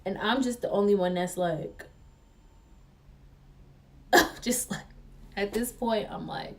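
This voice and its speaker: Woman, young adult, excitable storytime, quotes people in voices, slightly distant mic. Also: mid-range voice, a little slow, pauses often. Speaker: vlogger telling a story. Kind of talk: animated storytime.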